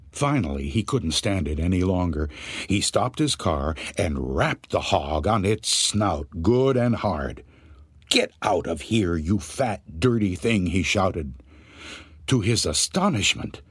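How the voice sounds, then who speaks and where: A male storyteller reading a spooky tale. His fairly low voice swings widely in pitch as he builds suspense, and he takes his time over every line. The sound is close and dry. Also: breathy edge, dry recording. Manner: slow, dramatic storytelling with rising suspense. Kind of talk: scripted narration of a ghost story.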